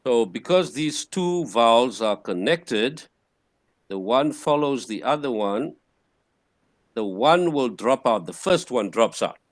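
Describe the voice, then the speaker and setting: A male teacher lecturing at an unhurried pace, repeating each word several times so students can copy it. His voice sits at an ordinary pitch. The recording is dry and close, with no room sound. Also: no room sound. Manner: patient, repeats words slowly to model pronunciation. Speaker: Greek teacher. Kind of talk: classroom lecture.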